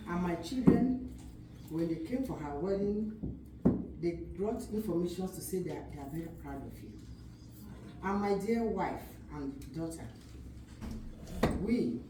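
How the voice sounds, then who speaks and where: Older Nigerian woman, wedding toast with blessings; distant, roomy sound, noise behind. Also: fairly low pitch. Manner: warm, blessing-giving, repeats prayers and praise. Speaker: wedding guest giving a toast. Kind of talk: wedding speech. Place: wedding reception hall. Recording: echoey hall from far off, background noise.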